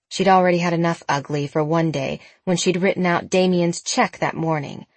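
Casting: female audiobook narrator, lower register, dry booth sound, shifts voice for each character. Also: husky, no echo. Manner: shifts pitch for different characters.

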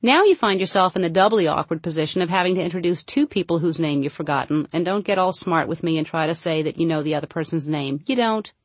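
A woman reading a humorous book aloud, mostly deadpan with sudden playful jumps into high emphasis. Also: quick pace, few pauses, no echo. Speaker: narrator. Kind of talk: comic audiobook narration.

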